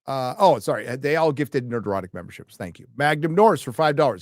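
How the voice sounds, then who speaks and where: A man's voice: mid-range voice, lively intonation, a little fast, hardly any pauses, no echo. A man from the United States hosting a casual live stream, reading donor messages aloud and answering them with dry jokes. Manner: reads donor messages aloud, wry and joking. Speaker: livestream host reading donations.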